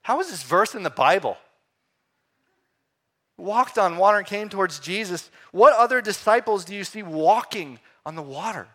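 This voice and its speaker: A man preaching a sermon, swinging between loud emphatic lines and quiet, hushed ones. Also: sits high, lively intonation, moderate pace.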